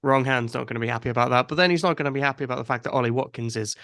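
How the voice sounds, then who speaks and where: A man's voice: mid-range voice, racing, a bit bright, dry recording, studio quality. A man hosting a casual football podcast, talking easygoing and thinking aloud as he goes. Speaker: podcast host.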